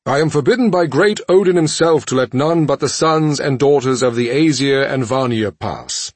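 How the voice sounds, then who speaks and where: A man voicing a proud Asgardian guard who booms formal commands in a raised voice. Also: moderate pace, no echo, close to an everyday voice. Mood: commanding.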